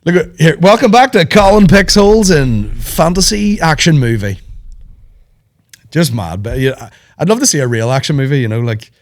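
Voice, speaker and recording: Sweary podcast host. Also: male voice, on the high side, normal speed. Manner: animated, sweary, rambling banter. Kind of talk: casual chat.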